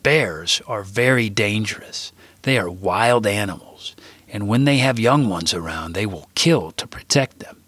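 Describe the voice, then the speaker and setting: A man voicing a stern old grandfather who lectures slowly and gravely in a storybook reading. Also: lowish voice, animated, fairly bright tone, no echo, heavily acted. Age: older. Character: stern old grandfather warning about bears.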